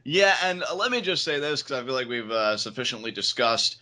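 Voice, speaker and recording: A man co-hosting a wrestling podcast in casual chat, animated and quick to act out quotes in a higher voice. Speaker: podcast co-host.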